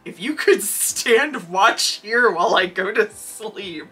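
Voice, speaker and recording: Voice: mid-range voice, animated, bright, forceful tone, breathy edge, faint music behind, exaggerated voice. A podcaster doing a tired, shaky old miser. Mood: weary. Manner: slow, moaning.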